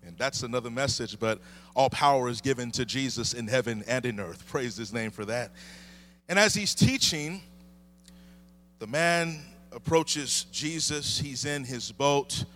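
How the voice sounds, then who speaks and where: An American man in his thirties preaches with passion, opening with a prayer and building intensity through repeated refrains and rising emphasis. His medium-pitched, fairly bright voice is unhurried, with a little hiss or hum in the recording.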